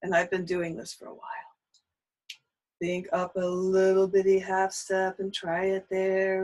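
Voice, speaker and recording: A woman in a singing lesson talks her students through breathing drills in a calm, patient, coaching way. Her voice sits in an ordinary middle range for a woman, and she gives short, clear cues one step at a time. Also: mid-range voice, measured pace, rough recording. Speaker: voice teacher.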